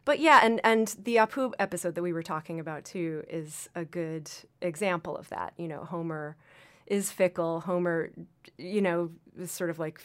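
A woman's voice: on the low side, moderate pace, smooth. A woman over thirty-five hosting a casual radio show, chatty and full of fillers. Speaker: radio host.

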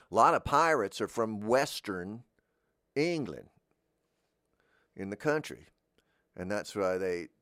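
A middle-aged man with a Southern American accent rambles through a comic monologue in a deadpan, wandering way. His voice sits low, and the sound is dry and close, with no room around it. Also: dry recording. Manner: deadpan, meandering, drifts into goofy voices. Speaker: podcast host.

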